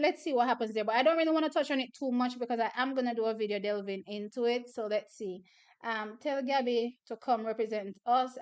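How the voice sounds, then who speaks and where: A young woman hosting a casual livestream, animated storyteller who laughs often. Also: sits high, smooth. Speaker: livestream host.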